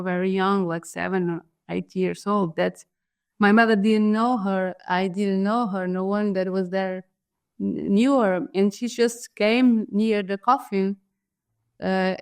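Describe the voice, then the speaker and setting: A Portuguese-accented woman, a guest artist whose first language is Portuguese, tells a personal story in an interview, pausing often, restarting and searching for English words. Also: medium pitch, clean tone. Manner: hesitant, many fillers and restarts, searching for words.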